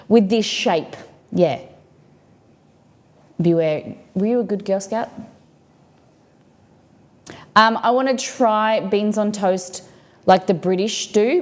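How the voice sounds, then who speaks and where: A woman's voice: lowish voice, a little mellow. A woman with an Australian accent hosting a casual cooking livestream from her home kitchen, chatting in a rambling way and answering viewer comments. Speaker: cooking stream host.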